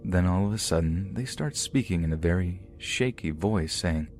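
A podcast narrator with a low-pitched voice reads true scary stories that listeners submitted, telling them in the first person at a steady, measured pace. There's slight background noise behind him.

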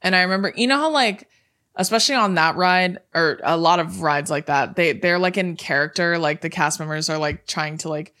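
A podcast co-host chatting and telling a story in a loose, rambling way, full of fillers and casual swearing. The voice is bright and forward. The pitch sits in the middle of the range. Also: a little fast.

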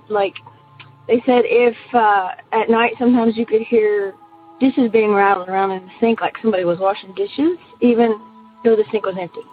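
Woman caller on a tinny phone line. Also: on the high side. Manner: rambling, hesitant storytelling. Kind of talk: recorded listener voicemail.

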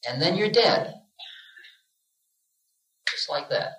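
A man's voice: fairly high pitch, sing-song, takes it slowly, long pauses, a bit bright. A man in his forties giving a playful spiritual lecture, telling stories and acting out little voices. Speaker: spiritual teacher. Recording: roomy 1970s lecture recording.

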